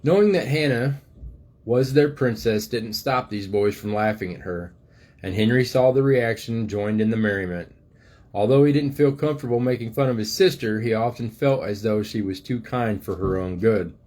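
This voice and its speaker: In a low-leaning voice, an older man gently reads a storybook aloud to his grandkids, never rushing.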